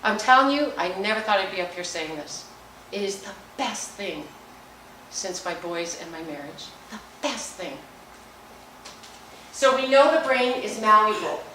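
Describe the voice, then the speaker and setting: A middle-aged woman giving an energetic, jokey talk on meditation to a business audience. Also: medium pitch, measured pace, slight background noise. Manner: energetic, chatty, jokey and emphatic. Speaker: speaker at a business luncheon. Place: large hall. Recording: echoey hall, mic at a distance.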